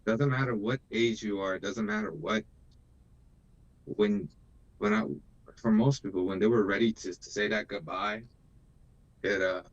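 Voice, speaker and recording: A man's voice: fairly low pitch, a little slow, gravelly, pauses often, lo-fi sound. A man in his thirties, born in Iran, chatting emotionally and laughing often on a live stream. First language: Persian. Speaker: co-host. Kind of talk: casual live-stream chat.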